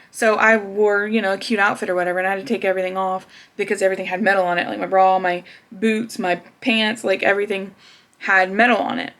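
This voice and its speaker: A woman's voice: medium pitch, creaky, a bit bright. A young woman casually telling a personal story to camera, chatty, with frequent laughs and fillers. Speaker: vlogger.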